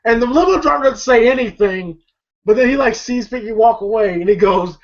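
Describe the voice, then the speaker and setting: A man's voice: extremely high pitch, fairly quick. A man casually recapping a movie in a vlog review, rambling and profane and full of fillers. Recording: dull lo-fi recording.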